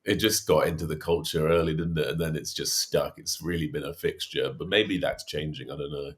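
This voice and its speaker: A man co-hosting a podcast, offering calm, low-key remarks in casual chat. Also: a little fast, slightly rough. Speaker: podcast co-host.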